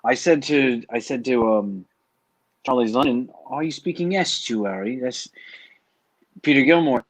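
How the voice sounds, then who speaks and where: A man's voice: mid-range voice, no room sound, rough recording. A man co-hosting a late-night stream, chatting casually and rambling about guests and accents. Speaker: co-host.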